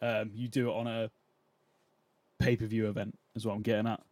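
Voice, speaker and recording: A man's voice: lowish voice, flat delivery, a little fast, darkish tone, no room sound. Musing male podcast host. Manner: musing, questioning, laughs often. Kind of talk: casual chat.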